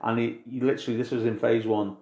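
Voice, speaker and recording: A man co-hosting a casual veterans' podcast, swearing freely while he tells animated stories from basic training. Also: medium pitch, quick pace. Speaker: podcast co-host. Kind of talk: casual chat. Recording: roomy echo.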